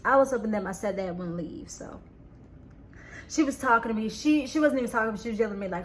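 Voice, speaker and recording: Halting, earnest woman telling her story. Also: mid-range voice, expressive, a little hiss or hum. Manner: halting, repeats words and restarts sentences. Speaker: vlogger. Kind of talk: personal storytelling to camera.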